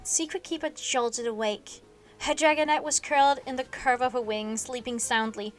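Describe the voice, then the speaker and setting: Woman reading a book aloud on stream, high voice, sleepy and yawning, stumbles and self-corrects, faint music behind. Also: moderate pace. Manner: expressive reading with small slips and self-corrections.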